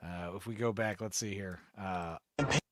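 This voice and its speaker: A man's voice: deep voice, fairly even intonation, normal speed, dry recording, studio quality. A man co-hosting a podcast in casual chat, rambling and cursing as he acts out quotes in different voices. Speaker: podcast co-host.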